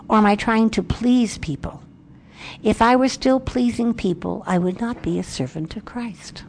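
A woman's voice: medium pitch, darkish tone. Earnest woman giving a candid devotional talk. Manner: earnest, candid, self-reflective; brisk, emphatic delivery. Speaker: Christian speaker.

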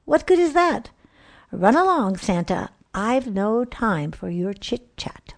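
A frazzled mother in a rhyming Christmas story, wry and worn out, her voice lifting higher when she complains, as a woman reader puts her on. The delivery is slow and deliberate, with a gravelly texture. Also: sing-song, full character voice. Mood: exasperated. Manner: exasperated, wry. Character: tired, harried mother at Christmas.

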